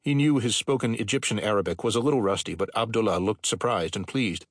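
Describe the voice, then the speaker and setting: An audiobook narrator reads a novel as scripted narration, telling the story in a steady, unhurried voice pitched on the low side. The recording is dry and close, with no room sound.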